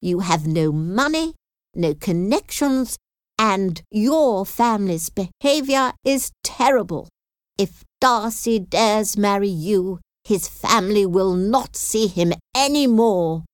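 A woman's voice: mid-range voice, animated, takes it slowly, dry recording, studio quality, pitched above the performer's own voice. A woman reading aloud voices a haughty, aggressive old aristocratic lady who speaks in a commanding, hostile way. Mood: angry.

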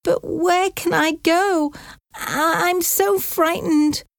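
A woman voicing a frightened, fretful elderly aunt in an audiobook, pleading in a high, trembling voice. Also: steady tone, takes it slowly, creaky, no echo, clean studio sound, full character voice. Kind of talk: audiobook character voice.

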